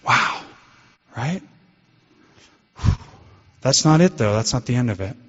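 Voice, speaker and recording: A man's voice: medium pitch, sing-song, slow pace, fairly bright tone. A man giving a candid, self-deprecating recovery talk to a meeting. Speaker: guest speaker at a recovery meeting. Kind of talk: personal recovery talk to a group. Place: meeting hall. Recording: dull lo-fi hall recording.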